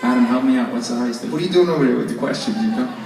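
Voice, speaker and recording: A man's voice: mid-range voice, rapid-fire, recorded from a distance. Guy rambling and joking w the crowd at a live show, long hall reverb, noisy room. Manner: loose, joking, rambling with restarts. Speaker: musician answering audience questions. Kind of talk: casual stage banter and Q&A. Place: concert hall stage with audience. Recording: echoey live hall from afar, loud crowd.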